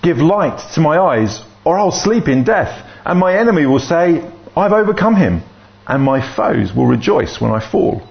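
A man leading a church gathering, reading a psalm aloud slowly and deliberately. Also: medium pitch, gravelly, dull audio. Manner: slow, deliberate reading with lively rises and falls. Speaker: church leader reading scripture. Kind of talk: slow, expressive scripture reading.

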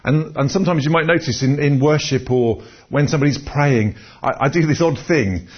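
A man's voice: a little high, moderate pace, husky. Man, preacher, chatty sermon with personal stories, dull recording. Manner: conversational, storytelling, repeats words when restarting.

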